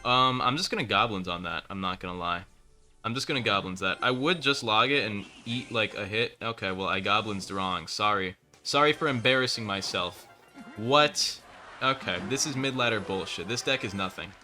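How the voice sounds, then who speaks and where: Bright-voiced sarcastic gaming commentator man. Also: fairly low pitch, faint music behind. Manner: rapid, sarcastic and profane, with joking rants. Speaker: gaming streamer. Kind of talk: live gameplay commentary.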